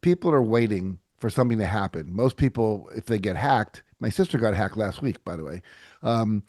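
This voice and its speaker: Middle-aged male guest, lively storyteller, dry close sound. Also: lowish voice, normal speed, no echo. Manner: animated storyteller, acts out quotes. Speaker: podcast guest. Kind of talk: casual interview chat.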